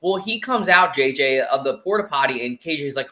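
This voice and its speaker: A man guests on a casual sports podcast with a fairly high, bright, forceful voice. He tells stories in an animated way and keeps the chat easy and lively. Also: fairly quick. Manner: animated storyteller.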